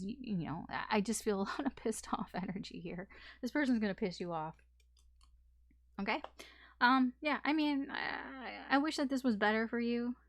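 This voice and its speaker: A woman's voice: medium pitch, fairly quick, dry recording, studio quality. A woman giving a casual tarot reading, talking frankly with fillers and swearing. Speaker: tarot reader.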